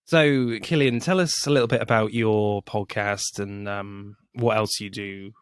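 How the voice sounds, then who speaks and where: A man's voice: lowish voice, steady tone, measured pace, smooth, no room sound, studio quality. A man hosting a film podcast, chatting casually and laughing often. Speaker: podcast host. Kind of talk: casual chat.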